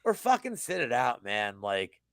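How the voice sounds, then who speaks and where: Lively, profane man ranting about bets. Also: medium pitch, a little slow, vocal fry. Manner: animated, profane, boastful rants. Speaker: sports betting guest. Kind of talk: casual livestream chat.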